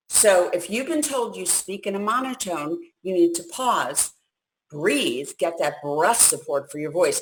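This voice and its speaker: Lowish-voiced woman coach, energetic and emphatic instructional delivery. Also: slight background noise, poor audio. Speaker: communication coach. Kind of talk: instructional talk.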